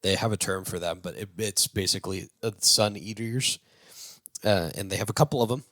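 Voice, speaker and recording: A man's voice: fairly low pitch, brisk, a bit bright, no room sound, clean studio sound. A man hosting a movie review show, recapping a film's plot in a loose, rambling way with lots of fillers and restarts, and laughing now and then. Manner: laughs while talking.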